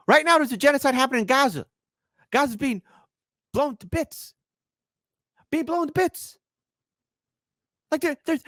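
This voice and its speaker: A man hosting a political commentary livestream, sarcastic and mocking, swinging between shouts and hushed asides. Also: very high-pitched, no room sound, studio quality.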